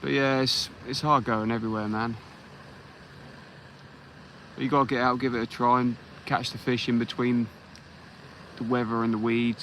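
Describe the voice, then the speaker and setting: An easygoing English man runs a live fishing stream from the shore, greeting each viewer by name. His voice is bright and forceful, and he speaks into a phone outdoors at night. A faint background hum sits under him. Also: mid-range voice, flat delivery, moderate pace, pauses often, rough recording. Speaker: fishing livestream host. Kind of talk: casual live chat while fishing.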